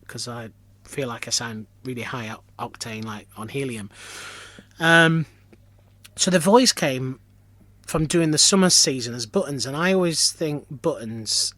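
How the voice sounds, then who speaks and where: A man's voice: fairly high pitch, animated, a little slow, bright, forceful tone, no echo. A man from Lancashire, a pantomime performer, chatting as a podcast guest in a self-deprecating storytelling manner with many restarts. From Lancashire, England. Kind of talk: casual interview chat.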